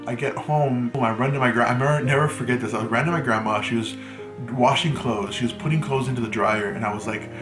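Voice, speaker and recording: A man's voice: medium pitch, steady tone, brisk. Guy telling a storytime in a roomy space with music underneath, chatty, says like a lot. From Mexico. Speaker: vlogger. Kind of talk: casual storytime. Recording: echoey room with music behind. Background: background music.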